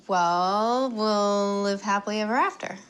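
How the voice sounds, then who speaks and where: A woman's voice: mid-range voice, unhurried, fairly bright tone, smooth, natural voice. An actress playing an earnest, eager young woman journalist in a romance film. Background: film score.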